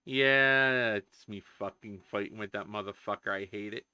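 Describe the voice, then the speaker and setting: A man's voice: on the low side, moderate pace, bright, forceful tone, smooth. A man streaming himself coding, ranting in casual chatter with constant swearing. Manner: profane, ranting, heavy swearing.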